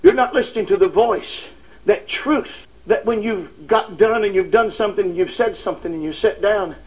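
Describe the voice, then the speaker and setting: A man preaching a sermon with impassioned emphasis, often pushing his voice to a shout and dropping "uh" between phrases. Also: sits high, moderate pace, low-quality recording. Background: faint congregation responses.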